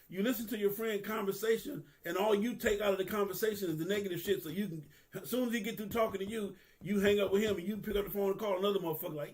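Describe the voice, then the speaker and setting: A man's voice: sits high, steady tone, racing, few pauses, darkish tone. A man, giving a candid, earnest monologue that is profane and casual, with phrases repeated for emphasis. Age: 50s. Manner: profane, street-casual talk. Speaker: vlogger.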